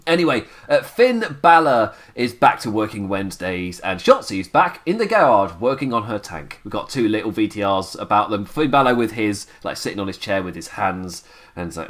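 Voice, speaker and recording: A man's voice: lowish voice, expressive, moderate pace. Chatty man, voice worn down. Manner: rambling, chuckling, many fillers and restarts. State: voice worn down, sipping tea. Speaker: wrestling podcast host. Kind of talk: casual solo recap chat.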